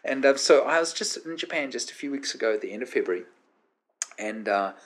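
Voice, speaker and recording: A man, a guest minister, telling an animated anecdote in an interview, with many fillers and acted-out quotes. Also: medium pitch, brisk.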